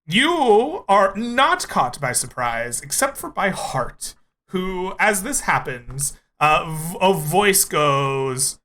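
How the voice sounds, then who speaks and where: A man narrating a tabletop game as game master, describing the scene in an unhurried way with frequent fillers. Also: sits high, sing-song, pushed and bright, a little hiss or hum.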